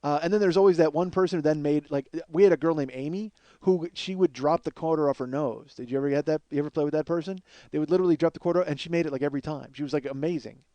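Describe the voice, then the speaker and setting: A man telling a comic story from his youth in a rambling, animated way, full of fillers and acted-out quotes. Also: a little high, very fast, hardly any pauses, no echo, highs cut off. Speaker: comedian host.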